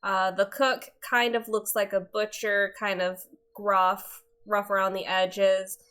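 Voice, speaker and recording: A woman narrating a tabletop game as game master, casual and quick to laugh. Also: medium pitch, little pitch movement, a bit bright.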